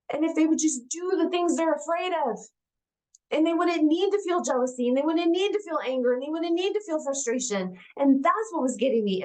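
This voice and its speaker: A woman speaking as a guest at an event, with a voice pitched a little high. She tells a personal story in an earnest, emphatic way, hammering home her main points. She slips into the voices of the people in her dialogues as she goes. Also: darkish tone. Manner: earnest, emphatic, repeats key phrases.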